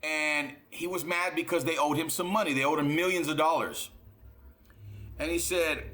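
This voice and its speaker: A fired-up man talking straight to his viewers with a bright, forceful edge and a slightly raised pitch. He swears freely and hammers his points home, repeating words for emphasis, in a casual reaction-video monologue. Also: fairly quick. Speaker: reaction channel host.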